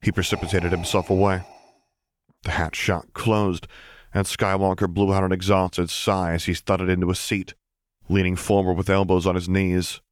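An audiobook narrator with a deep voice reads a scripted story in a steady, measured way. There's no room sound.

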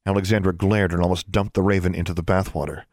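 A man narrating a story in a steady, measured way. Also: deep voice, no echo. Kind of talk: audiobook narration.

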